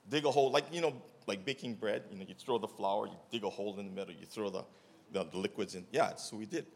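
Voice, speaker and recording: A middle-aged man telling a casual testimony about volunteer work, rambling with many fillers and acting out the dialogue as he goes. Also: mid-range voice. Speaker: mission trip volunteer giving a testimony.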